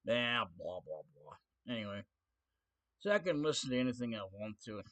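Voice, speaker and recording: A man's voice: mid-range voice, very animated, moderate pace, fairly bright tone. A man ranting on his own stream in a casual way, sarcastic, defiant and mocking.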